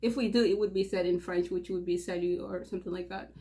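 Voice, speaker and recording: A woman's voice: fairly low pitch, steady tone, quick pace, mellow. A young woman from Mauritania hosting her own channel, talking in a nervous, giggly, rambling way with frequent restarts. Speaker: channel host. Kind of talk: casual nervous vlog intro.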